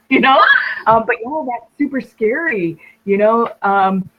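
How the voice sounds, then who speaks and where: A woman's voice: a little high, expressive, slow. Affirming woman host, dull lo-fi audio. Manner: encouraging, affirming with "right?" and "you know". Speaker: podcast host. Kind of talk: casual podcast chat.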